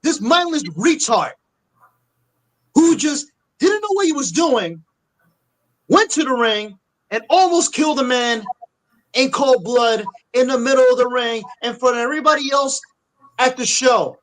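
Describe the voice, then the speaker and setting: A man's voice: very high-pitched, lively intonation, measured pace, pauses often, a bit bright, poor audio. A middle-aged man on a wrestling podcast, ranting angrily and swearing freely. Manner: angry, profane ranting. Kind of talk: casual angry rant.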